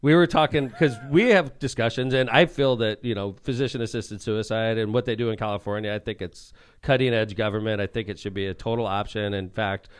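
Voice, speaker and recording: A man's voice: fairly low pitch, fairly quick, clean tone. A middle-aged man and mayor hosting a podcast, chatting casually and acting out his own quotes as he tells stories. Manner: animated storyteller, acts out his own quotes. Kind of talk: casual chat.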